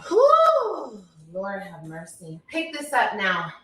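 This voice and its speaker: A woman's voice: mid-range voice, wildly swooping pitch, slow, fairly bright tone. A woman, talking bluntly and emphatically on a casual livestream. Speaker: livestreamer, mother. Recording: echoey room.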